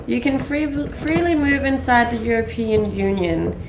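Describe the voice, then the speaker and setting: Woman in her late twenties, Danish accent with a blended English twist, gravelly voice, roomy sound, casual streamer chat. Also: a little high, unhurried, noisy background. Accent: Danish with mixed English accents. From Denmark. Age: late 20s. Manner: chatty, many ums and laughs. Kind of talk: casual chat reading live chat.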